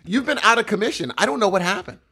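A man co-hosting a podcast in casual banter, excitable and often laughing. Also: high voice, fast talker, husky. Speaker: podcast co-host.

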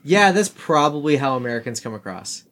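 A man's voice: mid-range voice, big pitch swings, brisk, a bit bright. Thoughtful man over a faint hiss. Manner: reflective, second-guesses with questions. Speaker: podcast co-host. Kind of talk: casual film review chat.

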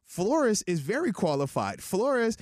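A man co-hosting sports talk radio, casual and animated, with slang like "bro" and "man.". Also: high voice, slow, no room sound, studio quality.

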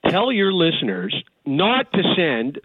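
Excitable man on a tinny phone line. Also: on the high side, breathy edge, no room sound. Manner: excitable, stammering, rapid restarts. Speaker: hockey insider guest. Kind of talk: casual radio chat by phone.

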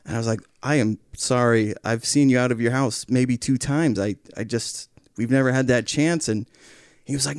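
Calm man telling a story. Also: mid-range voice, dry recording, studio quality. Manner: calm, measured, quotes others in raised voice. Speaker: podcast guest, father. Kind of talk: casual chat, storytelling.

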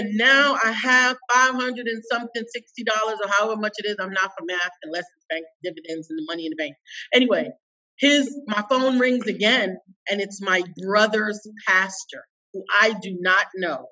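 A woman coach, a guest in an interview, telling a personal story in an emphatic, expressive way. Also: medium pitch, moderate pace, far from the mic, dull audio.

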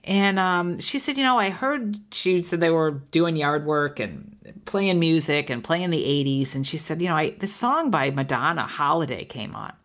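A heartfelt woman in her fifties hosts a podcast in a slightly low voice. She speaks earnestly, often restarting her sentences as she reflects out loud. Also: expressive, moderate pace. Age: 50s. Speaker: podcast host.

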